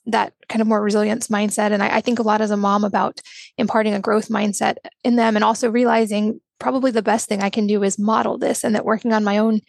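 A woman's voice: medium pitch, little pitch movement, fast talker, vocal fry, a little mellow, no echo. A woman podcast host and mother asking long, reflective questions that draw on her own experience.

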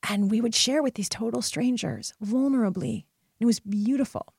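A woman's voice: a little high, lively intonation, normal speed, a little mellow, slightly rough, dry recording, studio quality. A woman podcast host and life coach telling a personal story in an earnest, emphatic way, often checking in with "right?".

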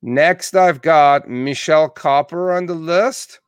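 A man's voice: a little high, takes it slowly, clean tone, no echo, studio quality. A man from Canada hosting a casual online interview, friendly and chatty with many "uh"s, still in his morning voice. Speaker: interview host.

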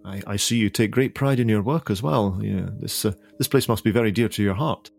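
A man voicing a polite, genteel gentleman traveller with formal, hesitant phrasing in a tabletop game. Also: lowish voice, brisk, creaky, faint music behind. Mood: courteous.

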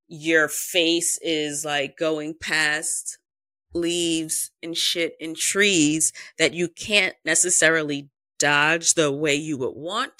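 A woman hosts her own podcast in loose, chatty talk, wandering off on side notes and filling gaps with "um". Her voice is bright and forward, and she swears freely. The recording is close and dry, with no room echo. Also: deep voice. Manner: rambling with tangents, frequent fillers and swearing. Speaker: podcast host. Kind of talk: casual solo podcast chat.

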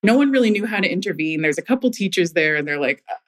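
A woman's voice: fairly low pitch, quick pace. Laughing woman caller telling a story. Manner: laughs often mid-sentence, animated. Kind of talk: casual storytelling.

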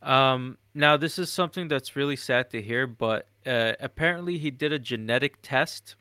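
A relaxed young man co-hosts a casual podcast and reads out entertainment headlines in an easy, unhurried way. His pitch sits in the middle, and the room sounds dry. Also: smooth, no echo. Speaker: podcast co-host. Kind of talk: casual news chat.

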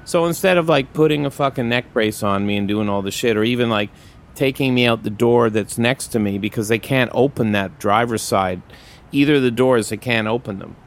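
A man casually telling a personal story in a candid, profane, wry way, acting out the people in it. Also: brisk. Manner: acts out quoted dialogue with raised pitch. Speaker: storyteller recounting a personal accident.

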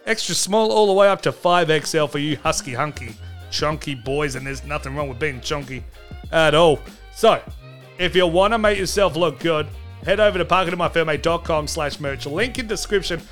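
Brash, hyped comedy podcast host. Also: male voice, fairly high pitch, expressive, normal speed, fairly bright tone, faint music behind. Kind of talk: comedic podcast banter and merch plug.

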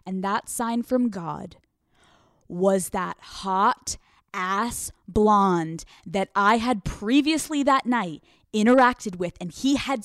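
Animated, profane young woman storyteller. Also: medium pitch, dry recording, clean studio sound. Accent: American. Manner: animated, profane, acts out quoted voices. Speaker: podcast host. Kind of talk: comedic storytelling.

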